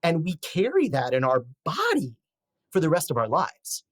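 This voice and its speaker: A man's voice: a little high, huge pitch swings, normal speed, no echo. A man in his forties speaking as a podcast guest, giving advice in a reflective, rambling way with fillers and restarts. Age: 40s.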